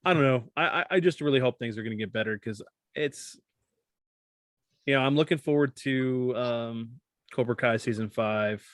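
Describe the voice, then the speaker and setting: A man's voice: medium pitch, moderate pace, fairly bright tone, dry recording, studio quality. A man hosting a casual podcast chat, joking around and tripping over his words. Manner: stumbles over words, jokey. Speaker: podcast host.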